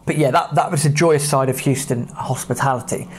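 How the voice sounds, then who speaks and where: A man's voice: mid-range voice, fairly quick, slight background noise. A man from England with an English accent, a podcast host telling travel anecdotes in a chatty way with plenty of fillers. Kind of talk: casual travel storytelling.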